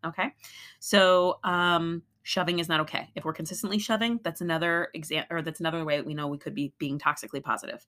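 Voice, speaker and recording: A woman's voice: fairly low pitch, steady tone, quick pace, fairly bright tone. A middle-aged woman co-hosting a casual faith podcast, talking earnestly and emphatically, laughing often. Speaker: podcast co-host.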